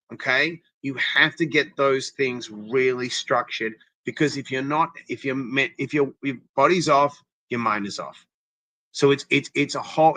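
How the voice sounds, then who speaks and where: A man's voice: medium pitch, pushed and bright, no echo. A man giving an emphatic, coaching-style interview as a guest interventionist, often checking in with "okay?" and "right?". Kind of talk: motivational interview talk.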